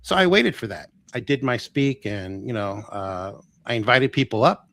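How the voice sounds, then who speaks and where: A man guest in an interview, telling stories in a lively way, acting out the dialogue and laughing often. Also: medium pitch, moderate pace, creaky, no echo. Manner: animated storyteller who acts out dialogue and laughs often. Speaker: energy healer guest. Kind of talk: storytelling interview.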